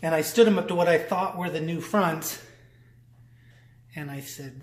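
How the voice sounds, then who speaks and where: A man's voice: on the high side, normal speed, long pauses, slight background noise. A man talking casually through his own car repair job in a DIY vlog, rambling and talking to himself as he works. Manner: rambling, self-talking, chatty with restarts. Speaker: car hobbyist vlogger.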